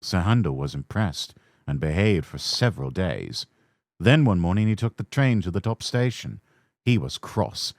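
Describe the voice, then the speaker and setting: A man with an English accent giving a calm, soothing ASMR storybook reading. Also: low voice, normal speed, no room sound, clean studio sound.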